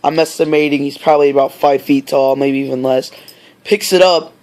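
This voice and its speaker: A man's voice: on the high side, fairly even intonation, a little fast, a little mellow. A man casually retelling a story, rambling with many fillers and side comments.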